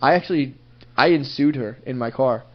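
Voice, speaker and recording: A man's voice: medium pitch, moderate pace, lo-fi sound. A man co-hosting a crude comedy podcast, telling profane stories and laughing often. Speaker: podcast co-host.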